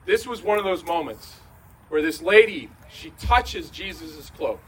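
A man preaching a conversational sermon in a large room, going from hushed to shouting. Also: fairly high pitch, animated, a little slow, far from the mic, a little hiss or hum, poor audio. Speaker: pastor.

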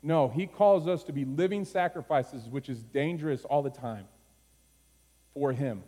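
A man preaching a sermon, moving from low, quiet phrases to high, urgent pleading. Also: unhurried. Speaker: pastor. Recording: long hall reverb.

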